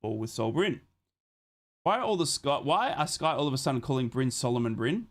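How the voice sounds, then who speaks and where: A man's voice: medium pitch, brisk. Chatty Australian man hosting a stream. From Australia, born in Adelaide. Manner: chatty and excitable, swears casually, talks to chat. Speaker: live stream host. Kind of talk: football watch-along chat and play-by-play.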